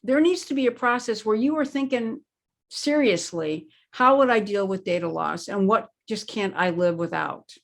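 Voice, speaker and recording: With a mid-range, creaky voice, lively intonation, and normal speed, a woman appears as an interview guest. An expert on crisis planning, she makes her case in an emphatic, conversational way and leans hard on key words.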